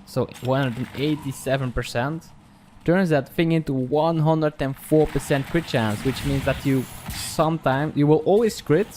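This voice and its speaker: A man giving casual, relaxed commentary over his own gameplay, pausing often with ums and restarting sentences. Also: mid-range voice. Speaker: gaming channel host. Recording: clear background noise.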